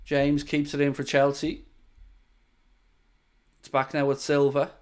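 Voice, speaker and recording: A young man giving live football commentary during a watchalong stream, talking to his viewers between plays and groaning loudly at near misses. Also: on the high side, unhurried. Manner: excitable, bursts into loud groans at near misses, chatty asides to viewers. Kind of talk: live match commentary with chat.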